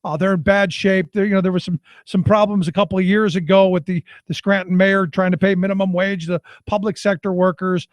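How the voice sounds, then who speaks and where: High-voiced male radio talk host. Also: steady tone, a little fast, few pauses, no room sound. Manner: conversational, sympathetic, with filler restarts. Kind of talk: radio talk show interview.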